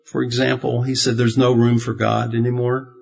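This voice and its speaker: A man's voice: mid-range voice, little pitch movement, moderate pace, vocal fry, a little mellow. A man preaching a sermon in a rambling, good-humored storytelling way, chuckling at his own jokes. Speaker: pastor. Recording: dull, muffled lo-fi sound.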